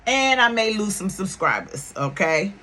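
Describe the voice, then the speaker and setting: A middle-aged woman talking casually and bluntly on her video channel, loud and animated, swearing freely, with grief showing through in places. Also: medium pitch, a little slow, a little hiss or hum. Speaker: YouTube reality-TV commentator. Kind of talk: casual vlog commentary.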